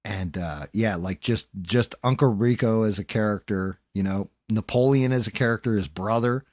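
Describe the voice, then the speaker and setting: A man's voice: fairly low pitch, moderate pace, darkish tone, no echo, clean studio sound. A man hosting a late-night livestream, chatting loosely with frequent swearing and thanking viewers by name. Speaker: livestream host.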